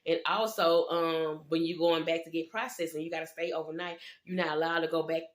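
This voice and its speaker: A woman's voice: low-pitched, a little fast, echoey room. A young woman casually telling a storytime vlog, slangy and profane, acting out the people she quotes. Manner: slangy, profane, animated quoting.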